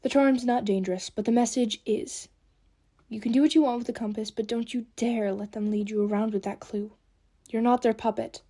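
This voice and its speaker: A woman voicing a gentle, grieving elf father who speaks softly and sighs. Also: fairly high pitch, steady tone, fairly quick. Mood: weary. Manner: soft and heavy, often sighing.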